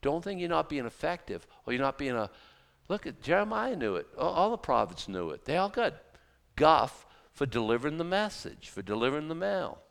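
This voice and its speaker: A man preaching a sermon as pastor, talking in an animated, conversational way with mocking asides. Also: a little high, a little fast, gravelly, smooth, in a large hall.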